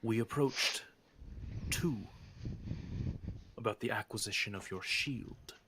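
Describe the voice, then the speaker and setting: Guy doing a shabby stranger npc, lowish voice, flat and probing. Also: takes it slowly, slight background noise. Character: hooded man's ragged companion, blunt. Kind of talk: tabletop game role-play.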